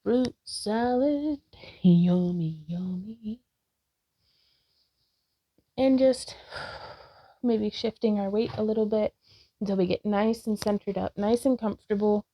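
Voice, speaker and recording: A woman leading a yoga class, calling out slow, calm cues and directions. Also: medium pitch, no echo, highs cut off. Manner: slow, calm cueing with soft laughs. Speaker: yoga instructor.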